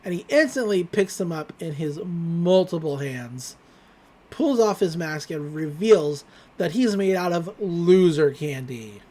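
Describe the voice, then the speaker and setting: Podcast host, mid-pitch voice, loose chatty delivery with casual swearing; recaps a cartoon episode. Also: animated, a little slow, warm tone.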